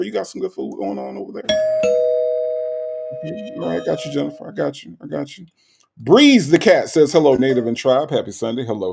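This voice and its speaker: Male livestream host, gravelly mid-pitched voice, teasing chat reader. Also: mellow. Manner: chatty, teasing, repeats phrases, big pitch swings. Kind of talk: casual live chat.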